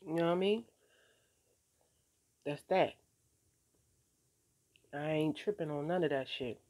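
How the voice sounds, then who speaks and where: A woman's voice: sits low, a little slow, darkish tone. A woman talking in a casual faith-filled vlog, laid-back and streetwise, swearing casually and encouraging viewers while often repeating "you know what I'm saying.". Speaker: vlogger.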